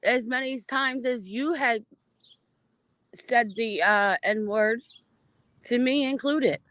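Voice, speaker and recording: A woman's voice: fairly high pitch, takes it slowly, a bit bright, dry recording. A woman hosting a casual livestream, greeting chatters by name and gossiping bluntly with frequent swearing. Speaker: livestream host.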